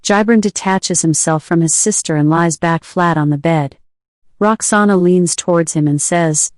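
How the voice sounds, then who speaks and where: A woman reading a short story aloud in a measured, even way. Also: fairly low pitch, no room sound, studio quality. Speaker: reader.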